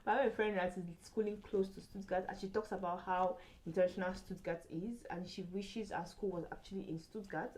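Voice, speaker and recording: A woman's voice: fairly low pitch, dark tone, poor audio. A young adult woman vlogging in casual chat, rambling with many fillers and restarts.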